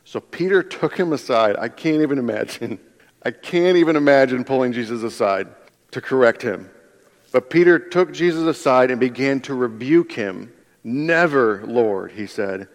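A man's voice: mid-range voice, moderate pace. A male pastor giving a conversational sermon, often restarting his sentences and acting out quotes. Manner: conversational, animated preaching with frequent restarts and acted-out quotes. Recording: long hall reverb.

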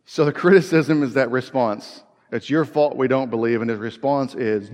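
Pastor guy giving a chatty sermon, mid-pitched, long echo tail. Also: normal speed, a little mellow. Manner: conversational, humorous asides, repeats phrases. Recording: long reverb.

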